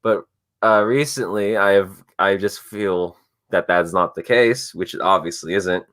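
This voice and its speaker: Man chatting on a podcast. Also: low voice. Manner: animated storytelling with quick voiced asides. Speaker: podcast host. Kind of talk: casual chat.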